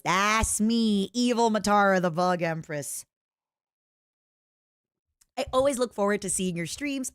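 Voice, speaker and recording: A woman's voice: medium pitch, dry recording, clean studio sound. Playful chatty woman streamer. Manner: chatty and playful, animated and self-mocking. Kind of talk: casual livestream chat, reading viewer letters.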